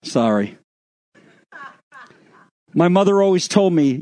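A man preaching a sermon, retelling scripture with animated acted-out quotes and sarcastic asides. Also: sits high, measured pace, dry recording, studio quality. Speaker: pastor.

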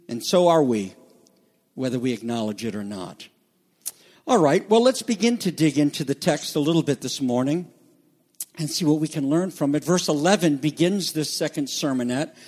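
A man's voice: fairly high pitch, darkish tone. A pastor preaching a morning sermon in a slightly raised voice. He reads passages aloud and explains them earnestly, now and then stopping to restart a thought. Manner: earnest preaching with scripture readings, some restarts.

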